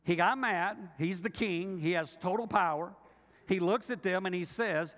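An older male pastor preaching a sermon, animated and joking with his congregation, acting out the voices he quotes. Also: high voice, moderate pace. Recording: reverberant hall.

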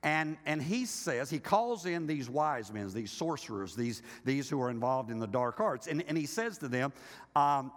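An older male pastor preaches an animated sermon, joking with his congregation and acting out the voices of those he quotes. His voice is mid-range at a normal speed, recorded in a reverberant hall.

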